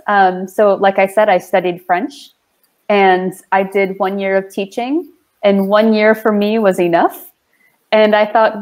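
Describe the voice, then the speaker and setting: An American woman from Long Island, a sommelier, answering interview questions in an unhurried, clearly articulated way with frequent light laughs. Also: medium pitch. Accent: neutral American, regional accent deliberately lost. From Long Island, New York. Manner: slow, deliberately clear speech with frequent laughs. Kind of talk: casual interview.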